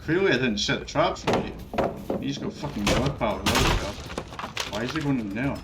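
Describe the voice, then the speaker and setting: A man's voice: mid-range voice, lively intonation, moderate pace, loud music behind the voice. A man giving frustrated, ranting commentary over his own gameplay, swearing often. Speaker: gaming streamer.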